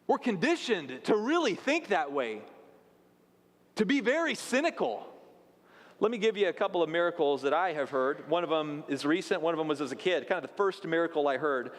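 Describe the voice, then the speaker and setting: High-voiced pastor in an echoing hall. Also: male voice, expressive, quick pace, few pauses. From South Dakota. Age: late 30s. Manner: conversational storytelling with asides to the congregation. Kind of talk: sermon. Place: church sanctuary. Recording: long hall reverb.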